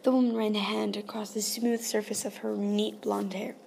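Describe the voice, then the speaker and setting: A woman narrating an audiobook in a soft, hushed, often half-whispered delivery. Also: medium pitch, flat delivery, moderate pace, creaky, few pauses, a little hiss or hum. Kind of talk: scripted narration.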